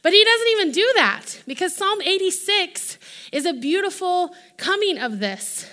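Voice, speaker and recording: A woman preaching a sermon in an animated way, acting out the voices she quotes. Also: very high-pitched, moderate pace.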